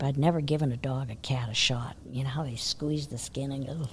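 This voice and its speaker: Husky older woman telling a story. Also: a bass voice, steady tone, a little fast, hardly any pauses. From California. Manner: chatty, laughing often, drops to a hush for inner thoughts. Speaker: interview guest, horse trainer. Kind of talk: casual storytelling.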